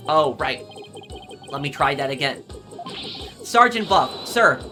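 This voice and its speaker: A woman's voice: deep voice, expressive, slow, music in the background. A woman voicing an earnest young male rookie lawyer who answers in a hesitant, polite way. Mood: nervous.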